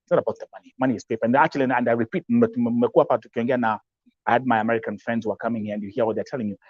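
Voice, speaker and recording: A Kenyan man with a Kenyan English accent hosts a live-stream talk show, his mid-range voice level in tone but racing along. He speaks emphatically, repeats himself, mixes in Swahili phrases, and reads out viewer comments, all on a dry, dull-sounding recording.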